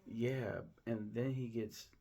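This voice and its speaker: A man's voice: medium pitch, fairly even intonation, takes it slowly, mellow. A man recapping a film in a casual, rambling way, full of ums, restarts and swearing. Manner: rambling, lots of ums and profanity. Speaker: film reviewer.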